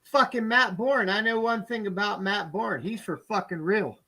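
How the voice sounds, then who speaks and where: Blunt, slightly high-voiced man. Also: moderate pace, sharp tone. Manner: blunt, swears freely. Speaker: podcast co-host. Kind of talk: casual wrestling chat.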